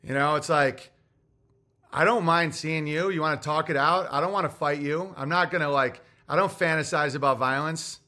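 A man's voice: a little high, normal speed, pushed and bright. A man hosting a podcast, ranting in a casual, profane monologue as he tells a heated story. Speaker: podcast host.

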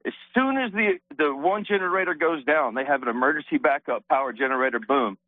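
A man's voice: fairly high pitch, brisk, dry recording. Winded male caller on tinny phone line. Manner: earnest, explanatory, polite. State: out of breath. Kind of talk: phoning in to a radio show.

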